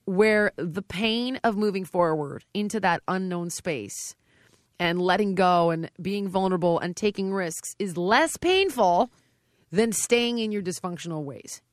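A woman's voice: on the low side, measured pace, no echo. Emphatic woman trainer, dry close sound. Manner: emphatic and direct, with animated quoted dialogue. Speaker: fitness trainer on a TV show. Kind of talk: conversational interview.

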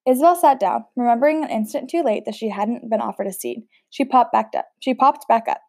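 Mellow woman reading a novel with asides. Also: on the high side, a little fast, no room sound, clean studio sound. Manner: casual, stumbles over words, chatty asides. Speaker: audiobook reader.

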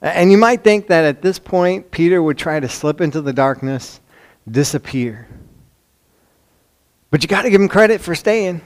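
A man with a Chicago accent preaching a sermon, swinging from loud emphasis to hushed lines, with conversational asides and rhetorical questions. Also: a little high, expressive, normal speed, pauses often. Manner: dramatic swings between loud emphasis and hushed near-whispers. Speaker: pastor.

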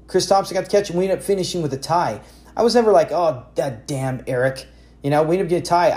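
His voice is a little high; he's a man in his forties hosting an easygoing fantasy football podcast. He tells stories with animation and keeps correcting himself.

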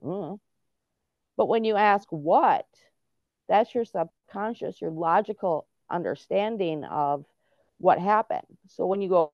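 A middle-aged woman who advocates for autism and veterans causes appears as a podcast guest, explaining things earnestly in casual interview talk and often restarting her sentences. Her voice is lowish, lively in intonation and unhurried. The lo-fi recording is dull and dry, with no echo.

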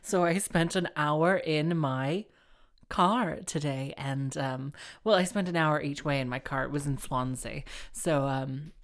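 A slightly hoarse woman hosting a podcast, rambling through a chatty comedic monologue full of fillers and restarts. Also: low-pitched, measured pace. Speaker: podcast host.

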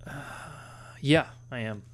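A man co-hosting a gaming podcast, joking loosely and swearing casually as he chats. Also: slow. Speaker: podcast co-host.

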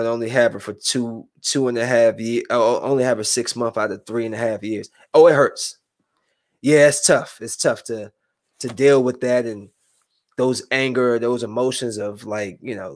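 A young man venting to his viewers in a heated, rambling monologue that swings between low brooding and loud outbursts. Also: moderate pace. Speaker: vlogger.

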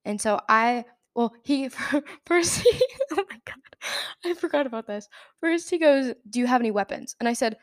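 A woman's voice: high-pitched, animated, measured pace, dry recording, clean studio sound. A young woman hosting a podcast, telling a personal story in a rambling, casual way, full of fillers and laughs. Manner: rambling, filler-heavy retelling with frequent laughs. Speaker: podcast host.

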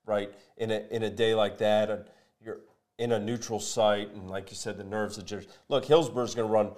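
A man hosting a local high school football talk show, reading sponsor spots and previewing games in a lively, conversational way. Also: fairly quick. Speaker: sports show host. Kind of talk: sports talk and sponsor reads.

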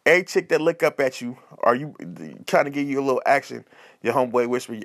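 A man hosting a podcast, giving casual comedic advice in an animated, repetitive, slangy way. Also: mid-range voice, fast talker. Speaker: podcast host.

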